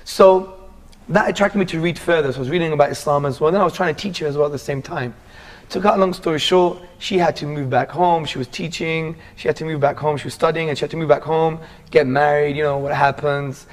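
A man from England telling the story of his conversion in a casual interview, earnest and animated, often calling the listener "bro". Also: a little high, fast.

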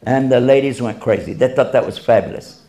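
A man's voice: mid-range voice, brisk. A man speaking as an Islamic lecturer in a public talk, answering audience questions by telling stories with humor and acting out quoted voices. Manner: animated storyteller who acts out quoted voices with humor.

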